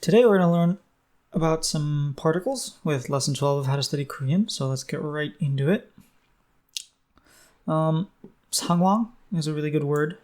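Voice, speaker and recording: A man's voice: on the high side, moderate pace, long pauses, darkish tone. A young man teaching a language lesson in a casual, think-aloud way, with frequent fillers and self-corrections. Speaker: Korean language tutor.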